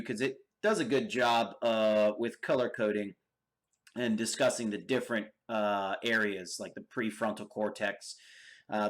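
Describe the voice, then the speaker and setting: An American man teaching an anatomy lab, explaining step by step and checking in with his students often. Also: medium pitch. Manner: slow and deliberate, checks in with okay and all right. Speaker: anatomy instructor. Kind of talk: lab demonstration lecture.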